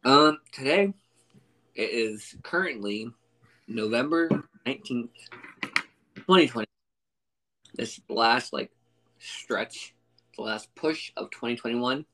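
A man's voice: medium pitch, lively intonation, slow, long pauses, sharp tone, poor audio. A man hosting a casual podcast, bantering and joking with friends. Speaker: podcast host.

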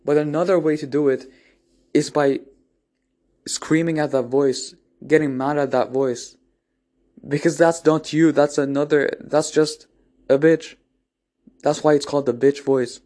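A man's voice: a little high, fairly even intonation, unhurried, long pauses, darkish tone. A man giving an unscripted motivational monologue, earnest and blunt, often restarting and repeating phrases, with casual swearing. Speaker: motivational speaker.

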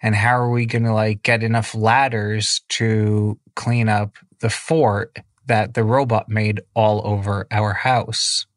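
Worried little boy in a bedtime story, stumbling questions, low plain voice, a man reading him. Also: flat delivery, slow pace, hardly any pauses, dry recording, studio quality. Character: young boy Jonah, worried brother.

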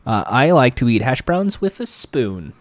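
A man's voice: mid-range voice, very animated, a little slow, dry recording. A man from California co-hosting a podcast, chatting in a playful, joking way with plenty of fillers. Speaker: podcast co-host. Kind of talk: casual chat.

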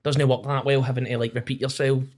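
A man with a Glaswegian accent, a comedian guest chatting casually in halting phrases full of "like". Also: medium pitch, level tone, a little mellow. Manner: halting, fills with "like". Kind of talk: casual chat.

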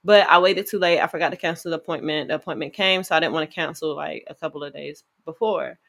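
A woman co-hosting a casual podcast, telling stories in an animated, slangy way and talking to her listeners. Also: sits low, quick pace, vocal fry. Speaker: podcast co-host. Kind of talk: casual chat, storytelling.

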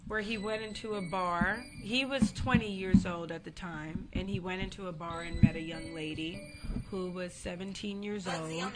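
A woman co-hosting a casual talk show, telling a story in a measured way with filler ums. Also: lowish voice, steady tone. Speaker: podcast co-host. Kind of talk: casual chat.

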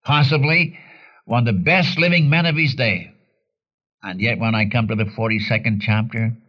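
A man preaching a sermon in a blunt, earnest way, his voice jumping up sharply to stress a point. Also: highs cut off. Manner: earnest and blunt, with sudden rises in pitch for emphasis.

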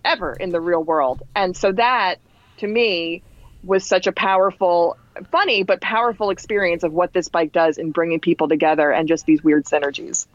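A woman in her forties from New Jersey tells a story as a podcast guest, with lively, chatty pacing. She shifts her pitch up to act out the people she quotes. The audio is dull and dry, like a lo-fi podcast recording. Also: moderate pace, no room sound. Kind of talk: casual storytelling anecdote.

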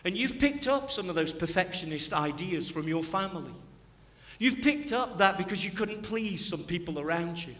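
A man's voice: high voice, expressive, normal speed, a bit bright. A man preaching a sermon in a church, impassioned and repeating key phrases. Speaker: pastor. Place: church sanctuary. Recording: long church hall reverb.

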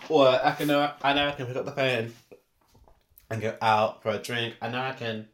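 A young man talking through an unscripted voice note monologue, sighing and laughing, with sudden loud outbursts between muttered asides. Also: mid-range voice, fairly even intonation, moderate pace. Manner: emotional, swinging from muttered sighs to loud outbursts; sighs and laughs often, says "girl" a lot. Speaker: podcast host.

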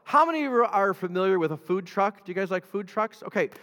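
A man's voice: high voice, expressive, fast talker, fairly bright tone, big-room sound. A man preaching a conversational sermon, talking directly to his congregation and chuckling often. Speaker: pastor.

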